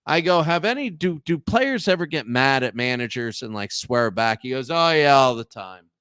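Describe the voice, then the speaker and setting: A man from Appalachia hosting a show, telling rambling, profane stories and loudly acting out the people he quotes. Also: medium pitch, expressive, moderate pace, clean tone, no room sound, studio quality. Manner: digressive, profane, acts out quoted voices loudly. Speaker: show host. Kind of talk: rambling storytelling.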